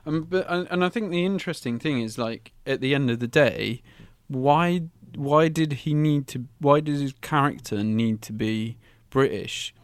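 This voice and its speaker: A man's voice: mid-range voice, moderate pace, few pauses, clean tone, no room sound. Young male co-host, clean resonant voice, opinionated casual chat, dry sound. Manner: opinionated, steers the discussion. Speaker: podcast co-host.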